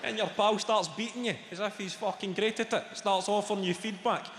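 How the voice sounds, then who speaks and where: A man's voice: high-pitched, fairly even intonation, brisk, heavy background noise. A man with a Scottish accent doing a stand-up routine, swearing freely and teasing the crowd in brash banter. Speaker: stand-up comedian. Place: live comedy venue stage. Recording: echoey hall with loud crowd.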